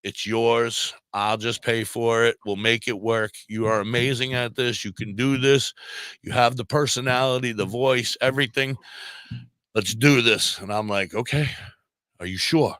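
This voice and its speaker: A man's voice: medium pitch, moderate pace, dry recording. A man, a podcast guest and radio DJ, telling a story casually and acting out the dialogue he quotes. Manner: animated, acts out quoted dialogue. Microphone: podcast microphone.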